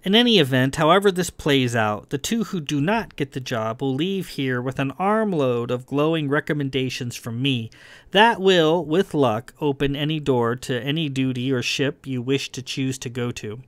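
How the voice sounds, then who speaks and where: A man's voice: medium pitch, normal speed, no room sound, natural voice. A man playing a patient, firm starship captain.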